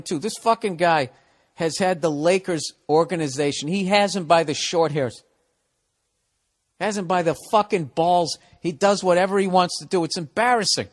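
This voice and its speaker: Podcast host, man, higher-pitched voice, sarcastic profane rant. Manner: profane, sarcastic ranting with mocking put-on quotes. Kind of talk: ranting monologue.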